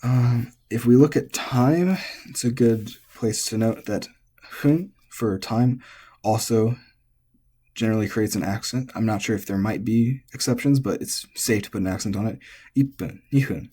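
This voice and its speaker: A man who is not a native speaker, teaching pitch accent in an informal way, thinking aloud with asides and restarts. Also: moderate pace, dark tone, husky. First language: English. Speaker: language teacher. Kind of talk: explaining Japanese pitch accent.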